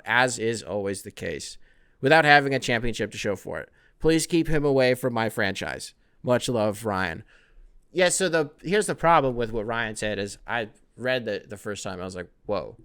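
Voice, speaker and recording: A man's voice: mid-range voice, a bit bright, clean tone. A man hosting a casual sports podcast, rambling, profane and joking. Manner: profane, rambling, joking, mocks athletes with put-on voices. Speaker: podcast host.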